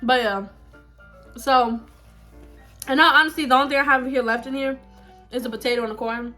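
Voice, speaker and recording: Young woman vlogger, higher voice, animated and dramatic, casual story time, faint music under her. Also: fairly quick. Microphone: phone.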